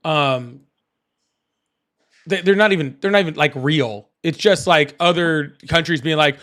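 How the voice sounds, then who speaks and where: A young man hosting a casual political debate, blunt and argumentative, with rough, profane language. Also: on the high side, moderate pace, a bit bright. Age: young adult. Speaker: political show host.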